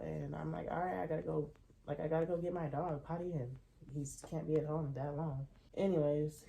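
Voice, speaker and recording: A young adult woman telling a casual storytime, animated and venting, swearing freely as she recounts her irritation. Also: low voice, creaky, a little hiss or hum.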